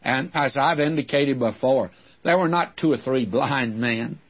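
Older male preacher, husky, folksy and unhurried storyteller, dull lo-fi recording. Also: mid-range voice. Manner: folksy storytelling, mimics voices in anecdotes. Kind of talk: radio Bible-teaching sermon.

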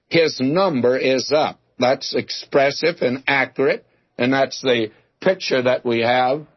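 Slightly rough and mid-range, this man's voice carries an expository sermon that walks through a passage of scripture. He keeps things folksy and conversational, cracking homely jokes and addressing the audience as "my friend." There's no room sound, though the lo-fi recording comes across dull.

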